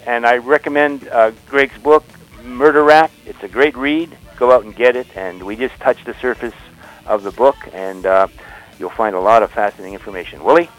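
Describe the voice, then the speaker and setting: A man co-hosting a talk radio show, chatting in an easygoing way and thinking aloud with many pauses. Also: mid-range voice, faint music behind, poor audio. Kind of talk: casual talk radio conversation.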